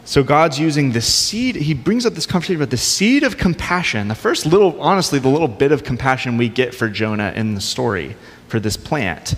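A man's voice: mid-range voice, very animated, a little fast, in a large hall. A man preaching a sermon in a conversational way, with casual asides. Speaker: pastor.

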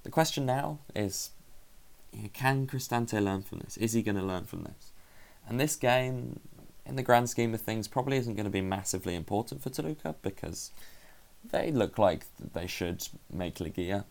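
A man's voice: lowish voice, moderate pace, vocal fry. A man hosting a solo football podcast, talking casually and analytically, often stopping to correct himself. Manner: conversational, self-correcting, analytical. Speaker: podcast host.

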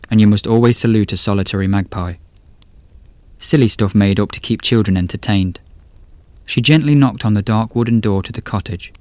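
A low-voiced man narrating a dark fireside tale in a measured, atmospheric way. The recording is dry and close, with no room sound. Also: no room sound. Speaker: horror podcast narrator. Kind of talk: scripted story narration.

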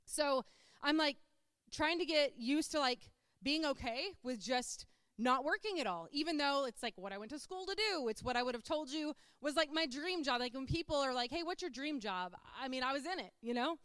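A middle-aged woman giving a chatty, animated sermon-style testimony, full of "like". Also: sits high, normal speed, no room sound, clean studio sound.

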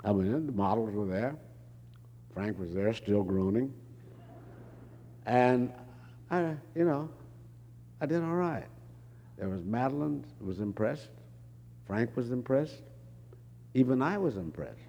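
An older man, a photographer, telling an animated anecdote and acting out the dialogue. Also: medium pitch, a little slow, pauses often, dull audio, slight background noise. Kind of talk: storytelling anecdote. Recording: long hall reverb.

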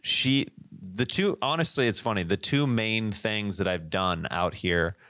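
A man's voice: lowish voice, measured pace, pushed and bright, dry recording, studio quality. A man hosting a casual chat, joking and chiming in with silly bits.

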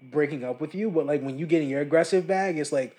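A man's voice: a little high, quick pace. A man co-hosting a casual podcast, joking and riffing with friends. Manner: animated, slips into mocking voices. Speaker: podcast co-host. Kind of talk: casual chat.

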